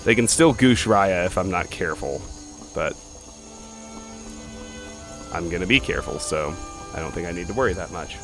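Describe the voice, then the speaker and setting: A man's voice: sits low, lively intonation, moderate pace, pauses often, music in the background. A man hosting a let's play, chatting casually as he plays, thinking aloud and swearing offhandedly. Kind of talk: casual gaming commentary.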